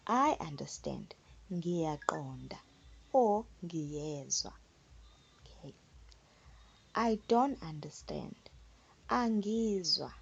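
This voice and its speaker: A woman teaching phrases patiently in a relaxed spoken lesson, repeating words for learners. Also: low-pitched, very slow, gravelly, pauses often, husky. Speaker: language teacher. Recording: dull lo-fi recording.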